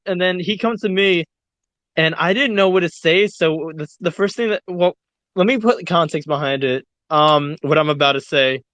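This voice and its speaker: A man with a fairly high voice rambles through a casual story and swears freely as he goes. His sound is close and dry, with no room around it. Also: normal speed, no echo. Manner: rambling, heavy swearing, animated retelling. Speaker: audio chat participant.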